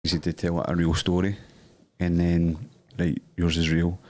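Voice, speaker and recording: A man tells a loose, rambling story, with lots of "like". His voice sits very low. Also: completely flat delivery, normal speed, a little mellow. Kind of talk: casual chat.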